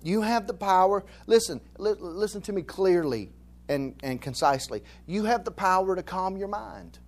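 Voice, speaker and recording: High-voiced Southern pastor preaching folksy. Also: male voice, animated, moderate pace. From Alabama, US. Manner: folksy, joking, repeats phrases for emphasis. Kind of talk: conversational sermon.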